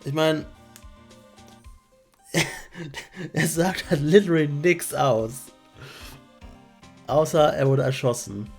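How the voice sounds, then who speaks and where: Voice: mid-range voice, takes it slowly, long pauses, a little mellow, breathy edge, faint music behind. A streamer giving wry, casual gameplay commentary.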